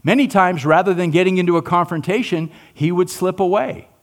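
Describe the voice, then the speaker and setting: A male pastor preaching a sermon, asking his listeners questions, acting out quotes, and dropping low and soft on key lines. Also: a little fast. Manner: animated, asks the listeners questions, acts out quotes.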